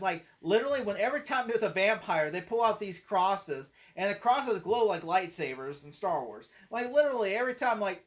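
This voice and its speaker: A man hosting his own channel, giving a casual spoken movie review in a rambling way, full of "like" and "you know" and quick to laugh. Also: sits high. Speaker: movie critic and channel host.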